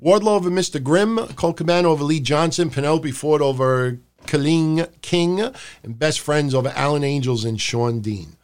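A man hosting a wrestling review podcast, talking casually and rambling, swearing freely and dropping into shouted impressions. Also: fairly high pitch, normal speed, clean tone. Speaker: podcast host.

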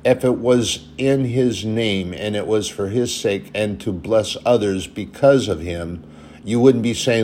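A man with a fairly low voice preaches an informal sermon, earnest and plain-spoken. He moves between easy conversational asides and firm, scolding warnings, over a faint background hiss. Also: unhurried, darkish tone.

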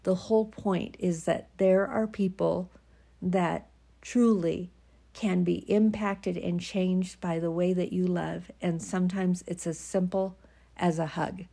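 A middle-aged woman speaks in a candid personal monologue, her lowish voice carrying a gravelly rasp. She talks in a folksy, emphatic way and laughs easily between her points. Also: steady tone, slow pace, mellow. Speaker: vlogger.

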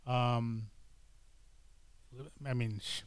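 A man's voice: medium pitch, little pitch movement, very slow, clean tone, no room sound. A middle-aged man chatting casually to camera, rambling and hesitant, with many fillers and restarts. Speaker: vlogger. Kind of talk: casual chat.

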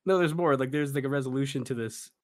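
A man's voice: medium pitch, quick pace, no echo. Young man hosting a casual podcast. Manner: animated storyteller, rising to laughing disbelief. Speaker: podcast host. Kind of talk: casual chat, storytelling.

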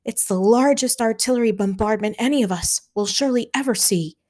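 A woman's voice: fairly high pitch, brisk, a little mellow, lightly acted. A woman voicing a grave male army officer who bellows urgently over the noise of battle. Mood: urgent shouting.

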